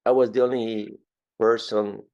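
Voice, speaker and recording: A low, gravelly man in his fifties speaks with an Ecuadorian Spanish accent. He tells his story as an interview guest, animated and quick to repeat himself. The audio sounds dull and lo-fi.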